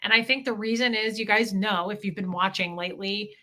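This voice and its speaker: A woman's voice: mid-range voice, steady tone, fairly quick, pushed and bright. A woman hosting a livestream, talking candidly and emotionally about her past, swearing freely. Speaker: livestream host.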